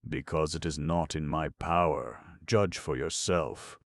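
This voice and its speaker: A man with a very deep voice playing a mild middle-aged male doctor who reasons calmly and apologetically, in an audiobook reading. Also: measured pace, no room sound, clean studio sound. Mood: resigned.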